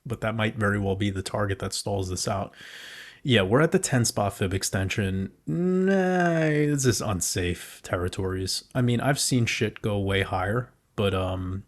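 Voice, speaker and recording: A man with a lowish voice walks through price charts in loose, unscripted commentary. He swears freely and breaks into excited outbursts as he talks. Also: moderate pace. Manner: casual and profane, with excited outbursts. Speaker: crypto market commentator. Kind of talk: casual chart analysis commentary.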